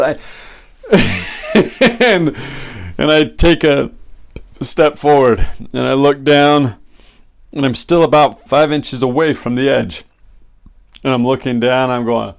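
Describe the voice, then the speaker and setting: A middle-aged man giving a motivational talk, telling a personal story in an animated way and acting out the lines of the people in it. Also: medium pitch, measured pace, long pauses, clean tone. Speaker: motivational speaker.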